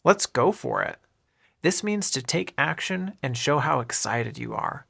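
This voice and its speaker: A man teaching everyday English phrases in a clear, deliberate scripted narration, modelling each phrase and explaining how words link together. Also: on the high side, wildly swooping pitch, a bit bright.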